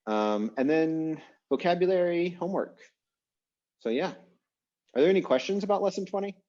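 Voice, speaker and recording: A man teaching an online language class, explaining in a relaxed, chatty way with lots of fillers over a video call. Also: fairly high pitch, normal speed, muffled recording. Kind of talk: casual online class lecture.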